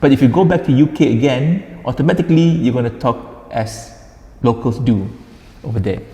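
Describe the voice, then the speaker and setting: A man's voice: mid-range voice, expressive, moderate pace, warm tone. A man from Sarawak with a Sarawakian Malaysian English accent, giving a chatty classroom lecture and dropping in Malay particles like lah. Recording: echoey room with long reverb.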